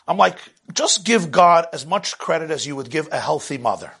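Man, sermon, high voice, bright tone, animated, hushed to loud, laughs at own jokes. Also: moderate pace, vocal fry, breathy edge. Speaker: religious teacher.

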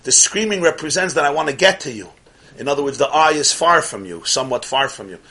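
A man teaching a Chassidic lecture in English, mixing in Yiddish and Hebrew terms, swinging from loud outbursts to near-whispers. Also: fairly high pitch, animated, fast talker, breathy edge. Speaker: Torah teacher.

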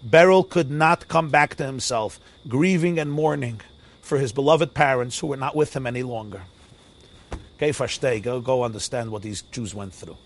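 A man, a rabbi, preaching a sermon through a story, dramatic and swinging between loud and hushed, with Hebrew and Yiddish phrases mixed in, recorded outdoors near a forest. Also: medium pitch, normal speed, a little hiss or hum.

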